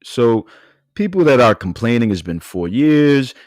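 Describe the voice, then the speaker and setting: A man hosting a radio show, giving animated, chatty commentary on celebrity news and laughing often. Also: mid-range voice, a little slow, dry recording, studio quality.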